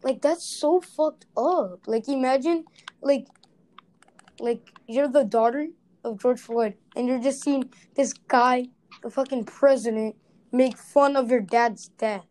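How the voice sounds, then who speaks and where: Young woman, casual podcast co-host, blunt and heated, slightly high and mellow. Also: takes it slowly, low-quality recording. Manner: heavy filler words, blunt and heated. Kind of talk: casual chat.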